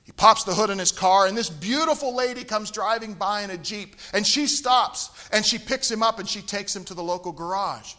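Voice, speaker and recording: A middle-aged man from Tennessee delivers a sermon, his high voice carrying a bright, ringing tone. He tells stories in a lively way, sinking into soft asides before breaking into loud, emphatic bursts. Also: moderate pace, hardly any pauses. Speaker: preacher. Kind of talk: sermon with a humorous personal story.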